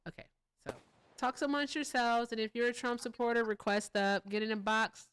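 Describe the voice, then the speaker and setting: A woman's voice: on the high side, normal speed, a bit bright, clean tone. A woman hosting a casual live stream, chatting with viewers and thanking them, sounding tired.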